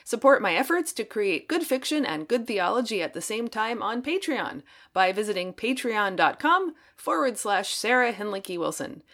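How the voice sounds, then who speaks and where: A woman author and podcast host reading her own fiction in a measured, careful scripted narration. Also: medium pitch, sing-song, a bit bright, dry recording, studio quality. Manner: measured, careful storytelling delivery.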